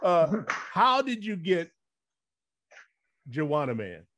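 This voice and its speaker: Slow, halting male interviewer. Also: a little high, very animated, a bit bright, slight background noise. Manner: slow, halting, stammers and repeats. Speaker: interviewer host.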